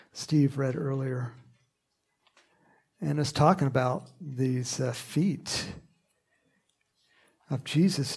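A man preaching a sermon in an animated, conversational way, with asides and laughs. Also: a little high, creaky.

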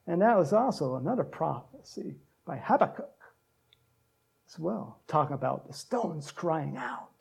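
High-voiced man preaching with playful asides. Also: a little slow, creaky. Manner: lively, acts out cheering crowds in loud shouts; joking asides to the congregation. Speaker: pastor. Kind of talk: sermon.

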